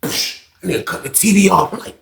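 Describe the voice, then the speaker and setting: A man with a gravelly, somewhat high voice tells a story casually and with a lot of profanity, jumping into other people's voices as he goes. The sound has the echo of a bare room. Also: quick pace, fairly bright tone, a little hiss or hum.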